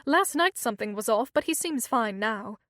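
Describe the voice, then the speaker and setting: A woman voicing an older woman nurse who is emotional and quick to wail in distress, in an audiobook. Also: a little high, lively intonation, bright, forceful tone, dry recording, clean studio sound. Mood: friendly. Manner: emotional, wailing.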